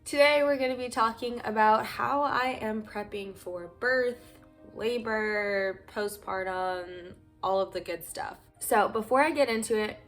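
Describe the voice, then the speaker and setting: A woman's voice: medium pitch, a bit bright. A young woman talking casually to camera as a parenting vlogger, noticeably out of breath, chatty and rambling with fillers. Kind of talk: casual vlog talk to camera.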